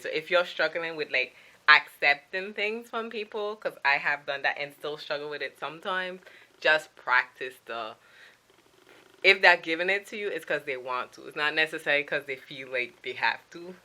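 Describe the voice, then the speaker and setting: Young female vlogger, French accent, low voice, bright tone, casual rambling chat. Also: normal speed. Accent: French-accented English. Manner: chatty, grateful, rambling with restarts. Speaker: vlogger and streamer.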